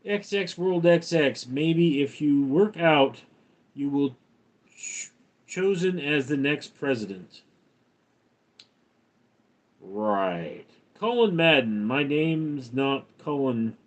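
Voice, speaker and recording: Slow deadpan older man reading chat. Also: on the high side. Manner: reads viewer comments aloud, dry and deadpan. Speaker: livestream host reading chat. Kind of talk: casual livestream chat.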